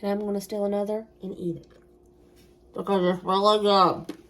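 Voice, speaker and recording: At a moderate pace and in a level, mid-range voice, a Southern cooking vlogger chats folksily with her viewers while preparing food in her home kitchen. This casual vlog has background noise.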